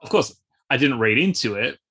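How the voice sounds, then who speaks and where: A man co-hosting a casual film review podcast, talking in a rambling, animated way and repeating his words. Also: mid-range voice, moderate pace, husky. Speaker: podcast co-host.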